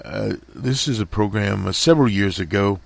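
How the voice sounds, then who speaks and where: A man hosting a radio program, talking slowly through headlines with many fillers and restarts, his voice strained. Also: on the low side, gravelly, no echo. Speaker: radio host. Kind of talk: casual commentary over headlines.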